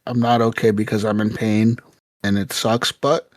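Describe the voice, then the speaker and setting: A man's voice: on the low side, flat delivery, moderate pace, dry recording, clean studio sound. A man co-hosting a podcast, telling a story casually with lots of swearing and laughter, acting out quotes. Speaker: podcast co-host.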